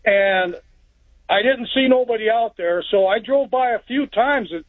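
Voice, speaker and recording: High-voiced male caller on a tinny phone line. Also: measured pace. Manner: plainspoken, rambling storyteller with restarts. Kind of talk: telling a story on a call-in show. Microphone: telephone.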